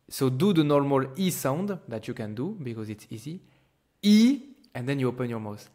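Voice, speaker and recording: A man's voice: medium pitch, normal speed, a little mellow. A man teaching pronunciation, patiently exaggerating each sound for the learner. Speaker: language teacher. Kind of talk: pronunciation lesson.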